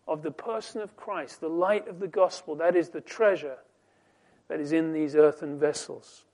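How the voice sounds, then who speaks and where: A man on the high side in pitch, with fairly even intonation, preaches a sermon full of scripture quotes delivered slowly and deliberately. He moves between soft, dropped phrases and loud, emphatic, rising lines.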